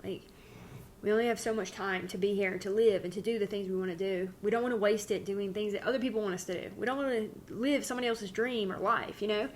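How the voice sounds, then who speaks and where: A woman's voice: mid-range voice, fairly even intonation, fast talker, a little hiss or hum. Candid rambling woman channeler. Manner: candid, rambling, self-interrupting. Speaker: spiritual channeler. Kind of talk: casual spiritual talk.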